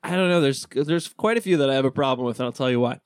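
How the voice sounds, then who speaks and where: A man's voice: medium pitch, fast, clean tone, no echo, studio quality. A man co-hosting a podcast, rambling and joking in casual banter, full of restarts. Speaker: podcast co-host.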